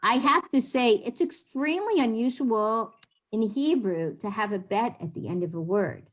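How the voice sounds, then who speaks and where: A woman's voice: on the high side, animated, normal speed. A woman leads a beginners' class over a video call. She explains each point patiently and plainly, sounding out letters for her students. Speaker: Hebrew teacher. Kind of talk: online class teaching.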